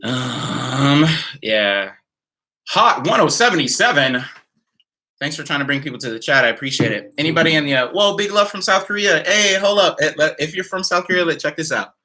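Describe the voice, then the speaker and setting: A man's voice: on the high side, fairly quick, bright, forceful tone. A man chatting casually on a home livestream, laid-back and slangy, reading out viewer comments. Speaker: musician streaming a live Q&A. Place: home, in Nashville.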